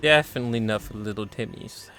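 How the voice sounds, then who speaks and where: A man's voice: lowish voice, fast, music in the background. A man streaming a video game, chatting casually and laughing as he plays. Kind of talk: casual gameplay commentary.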